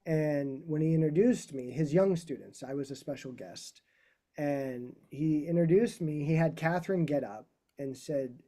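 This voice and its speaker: Rambling, mellow-voiced male guitarist. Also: on the high side, unhurried. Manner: rambling, warm asides and self-corrections. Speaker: guest speaker, classical guitarist. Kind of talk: casual career talk.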